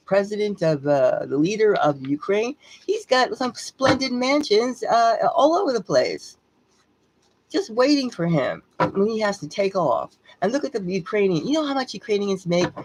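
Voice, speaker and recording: An American woman rants on her livestream, her pitch swinging up and down with agitation. She repeats words over and over for emphasis and sounds fed up. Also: a little mellow, low-quality recording. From United States. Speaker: tarot channel host. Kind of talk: agitated political rant.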